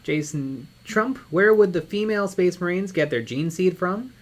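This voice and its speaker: A stream co-host chats casually over a miniature-painting session and reads viewer comments aloud. The voice sits at a middling pitch. It rises and falls a lot as it talks. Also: animated, moderate pace. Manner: chatty, reads out viewer comments and laughs often. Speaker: live stream co-host reading viewer chat.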